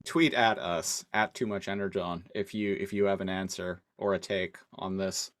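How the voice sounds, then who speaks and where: A man's voice: sits low, fairly even intonation, normal speed, fairly bright tone. A man co-hosting a podcast, recapping a cartoon episode in loose casual chat full of "like" and "uh". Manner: loose, filler-heavy recap with frequent "like". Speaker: podcast co-host.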